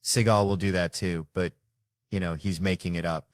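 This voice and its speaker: Deep-voiced male stand-up comic. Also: normal speed, no room sound, studio quality. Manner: animated storytelling with acted-out voices. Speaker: stand-up comedian. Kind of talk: stand-up comedy. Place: comedy stage. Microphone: handheld stage microphone.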